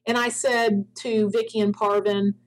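A woman's voice: mid-range voice, little pitch movement, measured pace, low-quality recording. A middle-aged woman, a founder of a spa products company, telling a long story in an interview and acting out the dialogue she quotes.

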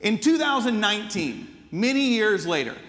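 A man's voice: high voice, very animated, normal speed, fairly bright tone, long reverb tail. A man preaching a sermon as pastor, telling stories in an earnest, conversational way. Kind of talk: storytelling sermon.

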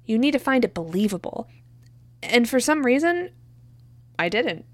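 A woman's voice: on the high side, sing-song, normal speed. A woman co-hosting a podcast, thinking aloud in a rambling way with lots of fillers. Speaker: podcast co-host. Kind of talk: casual podcast chat.

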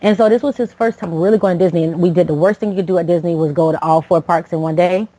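A woman's voice: lowish voice, fairly even intonation, fast talker, warm tone, rough recording. A woman in her late thirties from Florida, a podcast host telling a personal story with lots of fillers and restarts. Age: late 30s. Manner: rambling, with many fillers and restarts.

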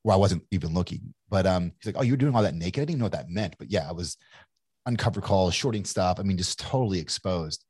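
Guest entrepreneur in his forties, low husky voice, loose and candid, lots of restarts. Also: quick pace, a little mellow, no room sound. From Kentucky, USA. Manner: candid, rambling, frequent restarts. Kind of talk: casual interview storytelling.

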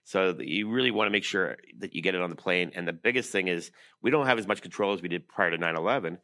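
Middle-aged guy, really low voice but bright, talks quick, lots of uhs. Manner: fast, animated storyteller with lots of fillers. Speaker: guest, keeper of a trophy. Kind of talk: casual interview storytelling.

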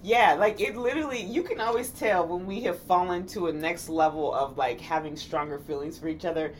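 A woman co-hosting a casual podcast with her partner, telling stories in an animated, slangy way and laughing often. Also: fairly low pitch, a little fast, slight background noise. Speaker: podcast co-host. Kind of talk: casual couple chat.

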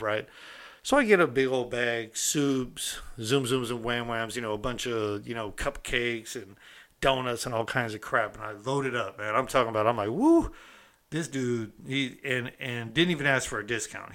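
A man's voice: medium pitch, fairly bright tone. A man casually telling a story from his own past in a streetwise, conversational way, often checking in with the listener. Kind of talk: casual first-person storytelling.

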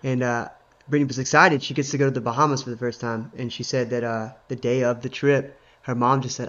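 A man's voice: medium pitch, steady tone, quick pace, a bit bright, highs cut off. A married man, co-host of a faith podcast, telling a story in casual chat with many fillers.

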